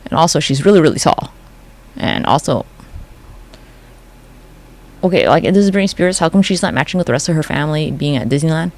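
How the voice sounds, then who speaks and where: A profane, gossipy vlogger talks through photos in a loose, unscripted rant and keeps breaking into little acted-out quotes. The voice is gravelly and swings widely up and down in pitch. Underneath the energy, the speaker sounds a little bummed. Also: animated. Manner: profane, gossipy, acts out quick mock quotes. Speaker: conspiracy commentary vlogger. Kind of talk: casual rant over photos.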